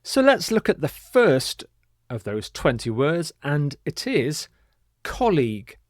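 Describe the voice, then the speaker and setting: A man teaching an English vocabulary lesson, speaking slowly and repeating words with careful, emphatic pronunciation. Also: a little high, sing-song, no room sound, clean studio sound.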